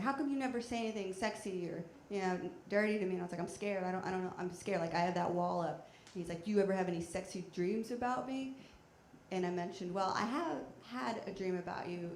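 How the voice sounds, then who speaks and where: Woman doing stand-up in an echoey theater. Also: medium pitch. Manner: deadpan, chatty, with bursts of loud shouting. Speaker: stand-up comedian. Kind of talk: stand-up comedy set. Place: theater stage before a live audience. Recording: echoey theater with faint noise.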